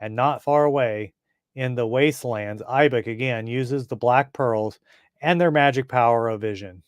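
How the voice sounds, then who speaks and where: A man's voice: medium pitch, normal speed, clean tone, no room sound, studio quality. A man reading a comic book aloud in a casual way, adding fillers and side comments.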